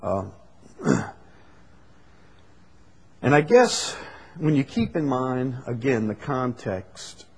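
A man preaching a Bible study sermon. He builds to loud, emphatic repetition and then drops back to quiet explaining. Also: medium pitch, big pitch swings, very slow, long pauses, breathy edge.

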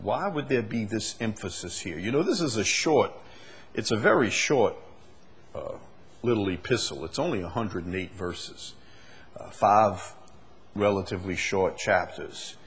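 Husky-voiced man preaching a sermon. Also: lowish voice, lively intonation, unhurried. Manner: emphatic, builds to loud forceful passages. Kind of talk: expository sermon.

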